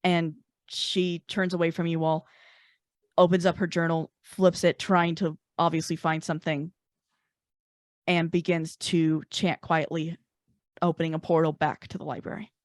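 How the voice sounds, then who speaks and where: Low-voiced woman game master. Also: little pitch movement, no room sound, clean studio sound. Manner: descriptive, measured narration with laughs. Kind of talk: narrating a tabletop game.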